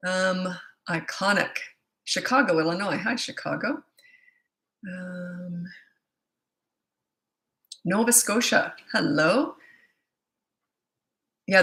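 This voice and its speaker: This parenting coach in her sixties has a lowish, fairly bright voice. She's chatting informally on a live stream from her home, going through viewer comments and rambling in the gaps.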